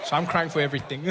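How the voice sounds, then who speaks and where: This South African comic tells his stories with animated playfulness during a stand-up set in front of a live crowd. He has a high voice, and there's a faint hiss or hum in the recording.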